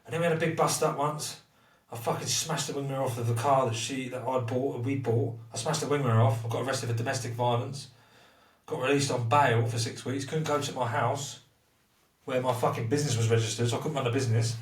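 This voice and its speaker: A man speaks quickly and bluntly as a guest in a candid conversation about recovery. His talk is rambling and emotional, with heavy swearing. The recording is echoey and he sits a little away from the mic. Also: mid-range voice, steady tone, recorded from a distance. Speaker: interview guest.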